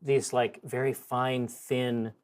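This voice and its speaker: A man playing in a tabletop role-playing game, talking casually and excitedly, often restarting his sentences. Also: medium pitch, slow. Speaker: player.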